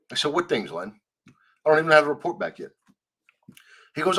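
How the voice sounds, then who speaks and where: A guest with a fairly high, breathy voice tells a story briskly but with long pauses during a conversational interview. He is animated, acts out the people he quotes, and swears freely.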